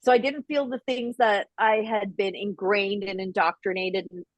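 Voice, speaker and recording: A woman from Canada chatting casually in an interview, lively and quick to slip into other voices and accents. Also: medium pitch, dry recording, low-quality recording. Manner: chatty, animated, slips into quoted voices and accents. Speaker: voice actress guest.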